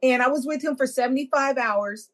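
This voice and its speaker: A woman's voice: high-pitched, a little fast. A woman with a Texan accent, a death doula telling stories in a blunt, plainspoken way as a guest. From Texas. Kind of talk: conversational interview.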